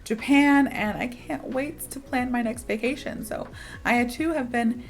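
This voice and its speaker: A woman's voice: fairly high pitch, a little slow. A young woman teaching English in a chatty, upbeat way with playful asides. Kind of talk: casual online English lesson.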